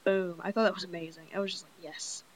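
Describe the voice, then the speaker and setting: A young woman reading a novel aloud with her own excited commentary, often stumbling and restarting. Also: lowish voice, very fast, a little hiss or hum, poor audio. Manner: stumbling, enthusiastic, frequent restarts and laughs. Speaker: reader.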